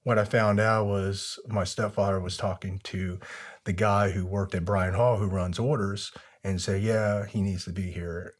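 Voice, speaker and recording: Relaxed low-voiced man telling stories. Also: unhurried. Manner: relaxed, rambling, many fillers. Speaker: interview guest, former soldier. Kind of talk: conversational interview storytelling.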